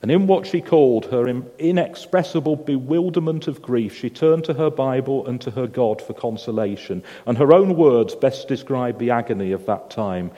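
Mellow-voiced preacher in a reverberant hall. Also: male voice, medium pitch, lively intonation, moderate pace, few pauses. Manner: storytelling, asks the congregation questions. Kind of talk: sermon. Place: church hall with a congregation.

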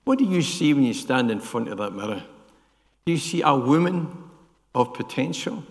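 An older man delivers a sermon in a church, his voice gravelly. He keeps turning to the congregation with questions and little "yeah?" checks. The sound carries a long reverb from the hall. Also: mid-range voice, very animated, normal speed. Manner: asks the congregation questions, adds "yeah?" tags. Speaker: preacher.

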